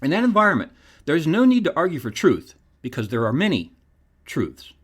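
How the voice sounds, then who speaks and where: Animated man with a preacherly lilt. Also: brisk, husky. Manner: emphatic, preacherly delivery with wide pitch swings. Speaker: podcast host. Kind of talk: scripted commentary.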